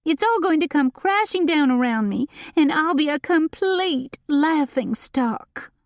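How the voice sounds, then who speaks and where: A woman's voice: high voice, big pitch swings, a little slow, dry recording, clean studio sound, pitched above the performer's own voice. A woman reading an audiobook and voicing a panicky, self-dramatizing society woman who wails and pleads. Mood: frantic pleading. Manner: wailing, pleading, melodramatic.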